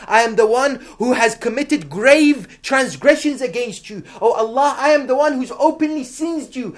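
A man preaching an emotional sermon, moving between loud, urgent emphasis and quiet, hushed passages, with chanted supplications woven in. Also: very high voice, lively intonation, unhurried, hardly any pauses. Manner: intersperses melodic chanted supplications.

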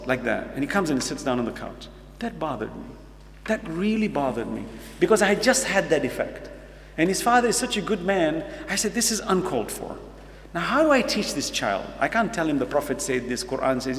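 Middle-aged new guy preaching, gravelly, kinda high voice, echoey hall. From United States. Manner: earnest storyteller, acts out dialogue, asks the audience questions. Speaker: Muslim speaker. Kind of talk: storytelling sermon. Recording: echoey hall with faint hum.

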